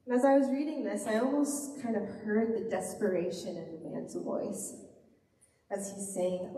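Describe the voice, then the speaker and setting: A young woman pastor preaches with earnest, heartfelt repetition, her voice mellow and warm. She is picked up from across a large, echoey church hall with a long reverb tail and a faint room hum underneath. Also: mid-range voice, a little slow, recorded from a distance. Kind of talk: sermon. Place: church sanctuary.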